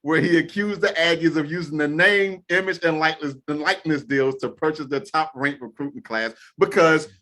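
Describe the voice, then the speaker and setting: A man co-hosting a sports podcast in casual, animated talk over a remote call, acting out mocking quotes. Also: a little high, a little fast, few pauses. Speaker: podcast co-host.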